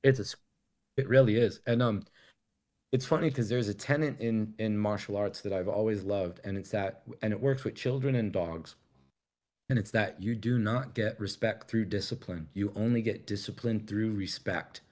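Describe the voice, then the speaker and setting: A man's voice: lowish voice, normal speed, a little mellow. A middle-aged man telling long stories in casual conversation, rambling and cursing freely. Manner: rambling, profane, laid-back storytelling. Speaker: guest.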